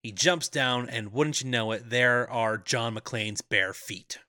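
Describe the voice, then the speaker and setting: A man's voice: medium pitch, takes it slowly, bright, forceful tone, dry recording, studio quality. A man co-hosting a podcast, chatting casually as he recaps a film, laughing often and acting out the characters' lines. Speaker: podcast co-host.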